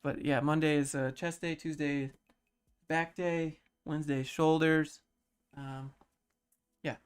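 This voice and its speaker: A man in his thirties on a casual livestream, reading chat questions aloud and answering them in a low-key, mellow way. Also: little pitch movement, slow, clear, resonant tone. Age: 30s.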